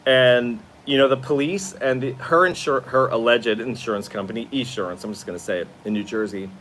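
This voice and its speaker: A man's voice: mid-range voice, fairly bright tone, a little hiss or hum. A tired man hosting a casual live stream from his new apartment, chatting expressively and answering viewer comments. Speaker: livestream host.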